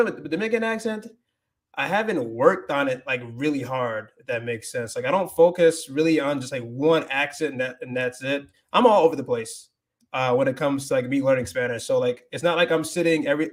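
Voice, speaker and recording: A man hosting a casual livestream, rambling with many restarts, switching between English and Spanish and reading viewer comments aloud. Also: fairly high pitch. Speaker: livestream host.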